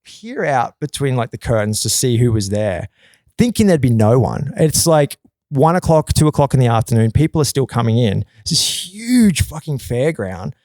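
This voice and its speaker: Animated storytelling man, dry close mic. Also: moderate pace, no echo. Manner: animated, swearing, jumps into loud high put-on quotes. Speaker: podcast guest. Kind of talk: casual storytelling chat.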